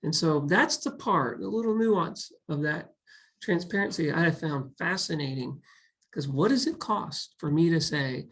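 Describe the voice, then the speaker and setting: A man hosting a college webinar who talks in a reflective way, with many pauses and restarts. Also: on the high side, animated, a bit bright, poor audio. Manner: reflective, speaks in halting restarts. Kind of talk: casual webinar talk.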